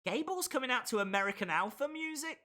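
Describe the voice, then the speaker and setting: A man hosting a live stream, reacting to a wrestling show in excitable, chatty, self-mocking commentary. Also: very high-pitched, quick pace.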